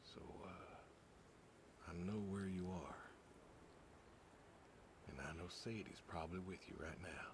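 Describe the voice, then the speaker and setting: A grieving old farmer. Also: male voice, noisy background. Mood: wistful. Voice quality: low, rural drawl. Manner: halting, regretful, soft-spoken. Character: grieving older farmer saying goodbye to his dog. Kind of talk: video game voice acting.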